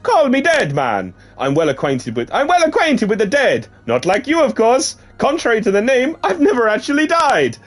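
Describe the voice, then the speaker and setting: A man voicing a gentle, burly male coroner in an exaggerated high voice with a mock Italian accent while reading a novel aloud. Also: huge pitch swings, normal speed, few pauses, exaggerated voice. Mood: reassuring.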